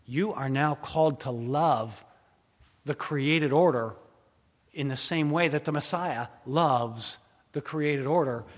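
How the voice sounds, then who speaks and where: A man preaching a sermon as pastor, dramatic, swinging from loud emphasis to hushed asides. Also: on the high side. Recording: long hall reverb.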